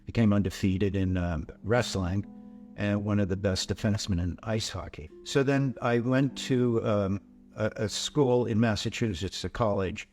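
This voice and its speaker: An older man recounting his life in a personal testimony, halting and repeating words as he goes. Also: lowish voice, a little mellow, faint music behind.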